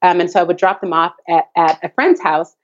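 A woman speaking from her home office about her work, animated and quick to laugh as she tells stories. Her voice sits on the low side, and the recording is dull and lo-fi, like a remote call. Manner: animated storyteller, laughs often, acts out her child's voice. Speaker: guest, tap dance teacher and course creator. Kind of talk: casual interview chat. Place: home office at the back of the garage.

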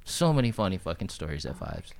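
Animated profane man telling stories. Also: sits low, quick pace, creaky, no echo. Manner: profane, animated storyteller acting out quotes. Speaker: podcast host. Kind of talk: casual storytelling chat.

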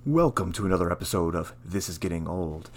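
A man hosting a casual podcast, talking in a steady, rambling way with lots of fillers. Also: deep voice, a little fast, faint music behind. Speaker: podcast host.

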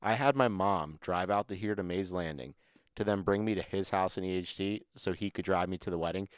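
Chill guy on a podcast, cussing and laughing along, kinda low voice. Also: brisk, clear, resonant tone, dry recording. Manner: laid-back, profane, chuckling. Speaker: podcast co-host. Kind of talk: casual chat.

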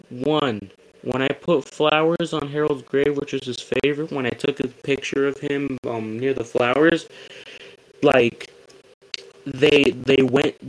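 A man's voice: medium pitch, low-quality recording. A young man on a casual podcast chat, ranting with lots of swearing and stammered restarts. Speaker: podcast host.

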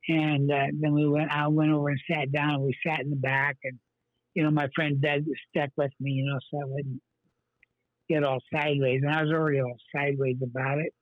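A man's voice: a little high, level tone, fairly quick, no room sound. A man, a pastor, earnestly telling his life story in an interview, rambling with many fillers and restarts. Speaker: pastor, guest. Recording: tinny phone-line sound.

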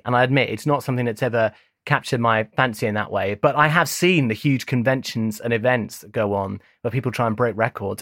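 A man co-hosting a casual podcast, talking in an animated, enthusiastic way. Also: medium pitch, no echo, studio quality. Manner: animated, enthusiastic, laughs often. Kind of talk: casual chat.

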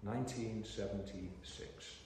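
A man's voice: on the low side, steady tone, a little slow, slight background noise. Older male preacher in an echoey hall. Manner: impassioned, swinging from loud declarations to quiet reflection. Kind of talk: sermon. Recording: echoey hall, heard from far off.

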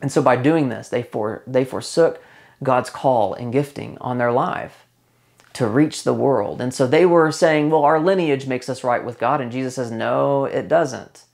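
This male pastor's sermon has the feel of a conversation or a lesson, delivered at an average middle pitch with some vocal fry and a slightly mellow quality. To drive points home, he slows his pace and says key phrases more than once.

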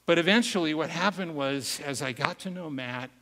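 A man telling a story in a sermon, earnest and conversational, slowing down for emphasis, heard in an echoey hall. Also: a little high, bright, forceful tone. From United States. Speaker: preacher.

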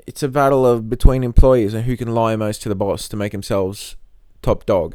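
A man talks loosely and at length on his own podcast, swearing freely and tossing in jokes. His voice sits on the low side. The recording is close and dry, with no room sound. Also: steady tone, moderate pace, darkish tone, no echo. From not from Australia. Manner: rambling, profane, joking. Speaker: podcast host. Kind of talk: casual solo monologue. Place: in Australia.

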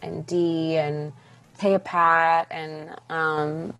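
A young woman, a stage actress, chatting as a podcast guest, telling her story with lively acted-out quotes. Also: low-pitched, drawn-out words. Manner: animated, acts out quoted voices. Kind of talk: casual interview storytelling.

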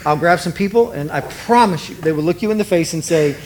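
A middle-aged man preaching in an animated, conversational way, acting out both sides of the dialogue he retells. His voice sits high for a man. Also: a little fast, slight background noise. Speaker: pastor. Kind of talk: sermon.

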